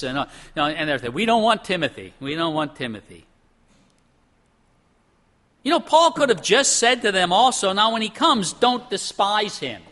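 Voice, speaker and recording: A man preaching a sermon in an animated way, acting out the voices of the people he quotes. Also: high voice.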